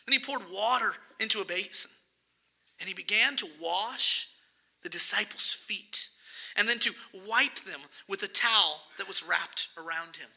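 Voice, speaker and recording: A man preaching a sermon, explaining a scripture passage and acting out its characters with animated emphasis. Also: high voice, moderate pace, gravelly. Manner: animated, dramatizing the scripture with acted-out voices.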